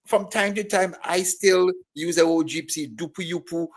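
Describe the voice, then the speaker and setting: A man talking on a radio show, his speech full of repeated starts as he works out his point. His voice is fairly high for a man. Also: a little slow. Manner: repeats and restarts words, thinking aloud. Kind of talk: discussion on radio.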